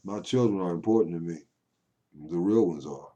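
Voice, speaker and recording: A man's voice: low voice, moderate pace, mellow, dull audio. An older man talking at home to camera in a rambling, folksy monologue that swings into call-and-response preaching. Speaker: poet vlogger.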